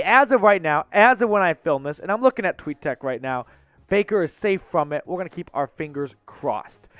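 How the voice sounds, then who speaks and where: A man hosting a sports news channel, talking fast and excitably, blunt and a bit out of breath. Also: high-pitched, clear, resonant tone, no room sound. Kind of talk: energetic sports news commentary.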